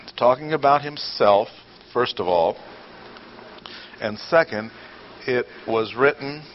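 Male Bible teacher, average pitch, patient and methodical, repeats key points; dull lo-fi tape. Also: slow pace, a little hiss or hum. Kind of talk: classroom Bible lesson. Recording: dull lo-fi recording.

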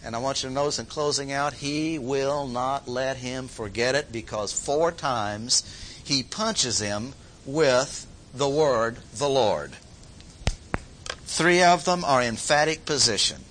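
A man preaching a sermon, emphatic, repeating key phrases slowly with sudden jumps in pitch. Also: fairly bright tone, a little hiss or hum, low-quality recording.

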